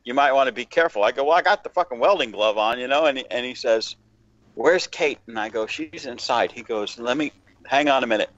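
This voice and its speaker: A man's voice: medium pitch, brisk, no echo. A man in casual podcast chat, telling a long profane story and acting out what people said. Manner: profane, animated storyteller, acts out quotes. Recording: dull lo-fi dry sound.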